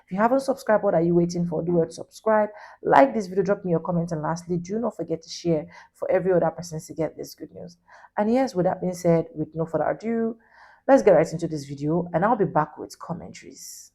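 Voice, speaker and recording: A woman's voice: lowish voice, quick pace, vocal fry, mellow. A woman hosting a reaction commentary video, talking in an emphatic, indignant way and repeating her points. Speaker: commentary vlogger.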